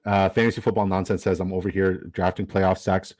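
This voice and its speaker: A man's voice: sits low, flat delivery, fairly quick, darkish tone, no room sound, rough recording. A man hosting a casual fantasy football draft stream, rambling with lots of fillers and reading chat comments aloud.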